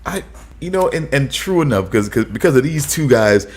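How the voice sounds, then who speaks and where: A man's voice: mid-range voice, expressive, normal speed, a little hiss or hum. A man co-hosting a podcast, teasing his co-hosts in casual banter with lots of stammered restarts. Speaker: podcast co-host.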